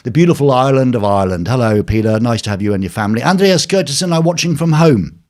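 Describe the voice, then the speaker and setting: Male host, live home stream, animated up-and-down delivery, rambling jokey chat with viewers. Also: mid-range voice, fast. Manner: rambling, jokey, lots of fillers. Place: home penthouse flat.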